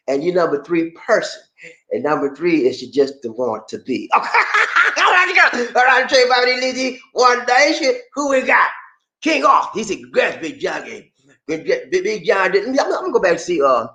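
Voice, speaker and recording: Animated man hosting a livestream, echoey room. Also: fairly high pitch. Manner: animated, playful, greets viewers by name, laughs often. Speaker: livestream host. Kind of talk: casual livestream chat.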